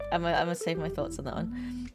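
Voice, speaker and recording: A woman with a fairly low voice hosts casual commentary over a lesson video. She chats and jokes straight to her viewers, with loud guitar music playing under her. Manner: chatty, joking, talks to viewers. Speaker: video host reacting to a lesson.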